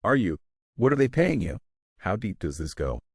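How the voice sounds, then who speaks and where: An entitled woman in her fifties who shrieks accusations and cries conspiracy, as a man reading the story puts her on. The voice sits low and dry, with no room sound, and the indignation comes through in the scripted delivery. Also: sing-song, moderate pace, gravelly, darkish tone, slightly rough, no echo, full character voice. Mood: accusing. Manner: indignant, accusing, paranoid ranting.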